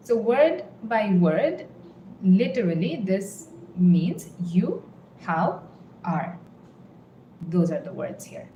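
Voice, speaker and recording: A woman's voice: mid-range voice, expressive, warm tone, a little hiss or hum. Patient woman teaching a language. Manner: patient, repeats phrases slowly and word by word. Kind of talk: language lesson, explaining and modeling phrases. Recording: roomy with faint ambience.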